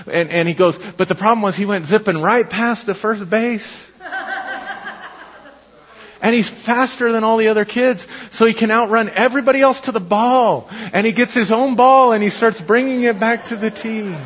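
A middle-aged man preaching a sermon, telling stories in an animated way, laughing often and repeating words as he goes. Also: high voice, moderate pace. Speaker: pastor. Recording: dull lo-fi audio with long hall reverb.

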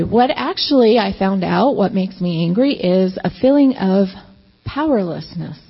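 A woman's voice: medium pitch, slightly rough. A pastor's wife giving an emotional, candid personal testimony, acting out her own past outbursts. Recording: reverberant hall, dull lo-fi sound.

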